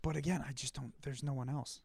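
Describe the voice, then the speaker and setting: A relaxed man talking casually, laughing often as he lists his picks. His voice sits at an ordinary middle pitch. The sound is close-miked and dry, with no room around it. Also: fairly quick, gravelly, slightly rough, no room sound. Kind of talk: casual chat.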